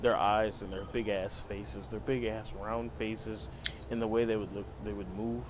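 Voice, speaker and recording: A man's voice: on the low side, flat delivery, moderate pace, noisy background. A man live streaming, in crude, laid-back casual chat, swearing and trailing off.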